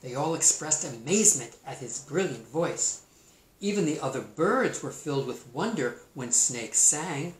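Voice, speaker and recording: A man, a teacher, reading a storybook aloud in a playful, expressive way and adding his own comments on the story. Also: fairly high pitch, measured pace. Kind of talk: storybook read-aloud with asides. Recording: roomy echo.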